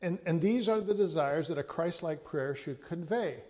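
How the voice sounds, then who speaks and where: A man's voice, a little high and darkish in tone, fills a large hall as this pastor delivers a sermon. His teaching is careful and measured, with frequent restarts and repeated words along the way.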